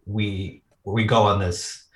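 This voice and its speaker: A man's voice: lowish voice, little pitch movement, takes it slowly, a bit bright. A man chatting casually about films on a podcast, rambling with lots of fillers and frequent laughs. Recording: roomy echo.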